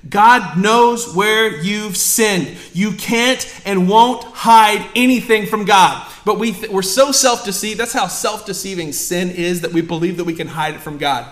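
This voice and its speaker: A young man preaching a sermon as pastor, emphatic, dropping to hushed asides and rising to loud appeals. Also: sits high, a little slow, few pauses, roomy sound. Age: young adult. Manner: emphatic, swings between hushed asides and raised exhortation. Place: church sanctuary.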